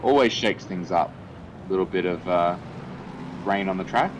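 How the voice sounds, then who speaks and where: A man calling an esports sim race as lead commentator, energetic play-by-play with frequent fillers. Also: sits low, moderate pace, background noise.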